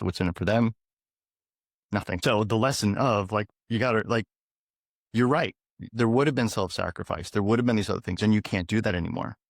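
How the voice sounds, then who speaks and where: A man from the US East Coast, a guest animal communicator telling stories in a casual interview with an animated, chuckling manner. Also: lowish voice, creaky, no echo, clean studio sound.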